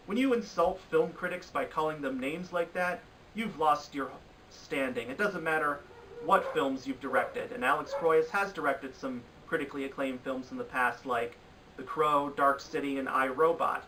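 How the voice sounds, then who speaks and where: A man's voice: fairly high pitch, moderate pace, sharp tone, distant mic, a little hiss or hum, rough recording. Exasperated man ranting film reviews. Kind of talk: opinionated film review countdown.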